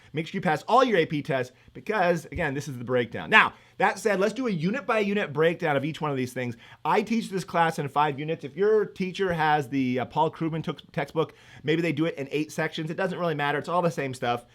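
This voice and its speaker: A middle-aged man teaching economics on a live stream, energetic and hyped, rambling with lots of fillers. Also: on the high side. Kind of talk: live-streamed exam review.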